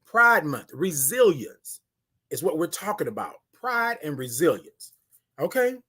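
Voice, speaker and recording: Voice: mid-range voice, very animated, measured pace, pushed and bright, slightly rough. An emphatic motivational host talks straight to a livestream audience, with a mid-range voice that rises and falls with lots of life. The delivery is preachy and repetitive, and the host greets viewers by name between points. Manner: emphatic and preachy, repeats key phrases. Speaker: livestream morning show host.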